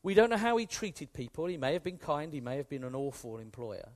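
British guy preaching, really lively pitch, goes up high a lot, chatty and emphatic. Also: a little fast. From Britain. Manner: animated and conversational, shifting from hushed to emphatic. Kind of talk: sermon.

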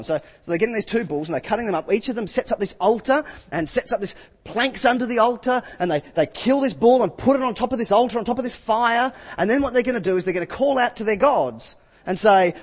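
A man preaching a sermon, retelling scripture with lively acted-out quotes. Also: high-pitched, quick pace, long reverb tail.

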